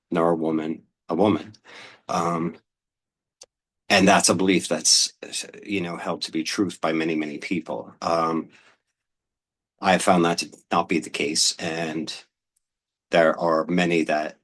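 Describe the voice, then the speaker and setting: Man, very low voice, relaxed rambling talk, Pennsylvania accent, host reading an old newspaper aloud. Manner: relaxed, rambling, with many "um"s and restarts.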